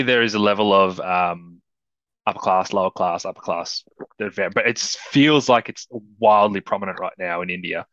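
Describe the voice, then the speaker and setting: Man, animated casual film chat, low-ish voice, dry close sound. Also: no echo, muffled recording. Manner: animated, acts out quoted dialogue. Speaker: podcast co-host.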